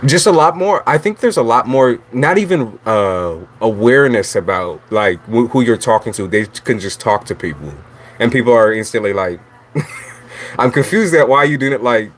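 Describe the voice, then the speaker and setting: A man reading tarot who talks in a blunt, chatty way, swearing freely and laughing often as he rambles. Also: mid-range voice. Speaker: tarot reader. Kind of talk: casual livestream monologue.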